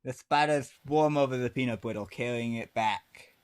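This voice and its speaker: Man, game master, tabletop narration, plain, unhurried, mid-pitched. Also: smooth.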